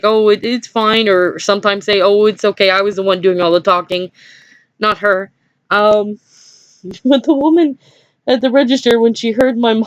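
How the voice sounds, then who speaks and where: A woman's voice: mid-range voice, no room sound. Woman rambling through a personal story, lots of "you know" and nervous little laughs, dry muffled lo-fi recording. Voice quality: hesitant, many fillers and small nervous laughs. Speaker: vlogger. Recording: dry dull lo-fi home recording.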